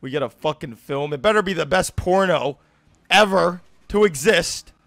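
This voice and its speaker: A young man with a lisp doing live gameplay commentary, who swings between low muttering and loud, swearing rage outbursts. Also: normal speed, vocal fry, no room sound. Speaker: gaming streamer.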